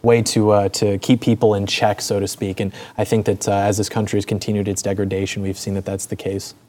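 A man on a political talk show, offering opinions in a dry, deadpan way. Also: fairly low pitch, brisk. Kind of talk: political commentary chat.

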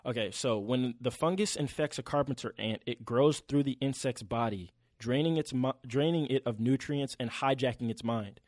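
Animated, swearing young man on a podcast. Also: mid-range voice, normal speed, few pauses, dry recording. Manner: animated, swears freely, slangy. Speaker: podcast co-host. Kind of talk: casual chat.

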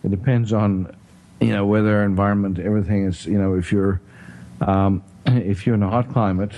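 Low-voiced South African man, halting. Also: fairly even intonation, lo-fi sound. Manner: halting, full of "you know" and throat clearing. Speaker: health talk host. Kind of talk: casual explanatory chat.

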